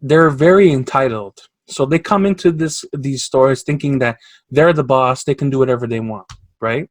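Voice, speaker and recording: A man's voice: mid-range voice, normal speed, no room sound. A man from Canada co-hosting a podcast, telling work stories in casual chat and raising his voice when he quotes people. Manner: animated storyteller, raises voice for quoted lines. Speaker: podcast co-host.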